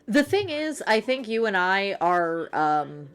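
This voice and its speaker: A woman's voice: medium pitch, sing-song, slow pace, clean tone. A woman co-hosting a podcast movie watchalong, making wry, profane remarks in casual chat. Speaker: podcast co-host.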